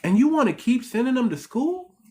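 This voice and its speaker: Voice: medium pitch, big pitch swings, fairly quick, warm tone. A channel host in a heated commentary monologue, repeating points and firing off rhetorical questions at the audience, whom the host keeps calling family. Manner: rhetorical questions, emphatic restarts.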